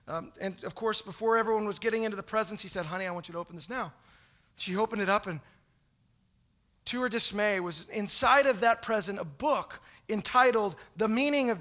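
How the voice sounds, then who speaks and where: A man's voice: extremely high pitch, bright, forceful tone. A man, a pastor with young sons, giving a chatty, joking Christmas Eve sermon to his congregation. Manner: chatty, joking, with many restarts.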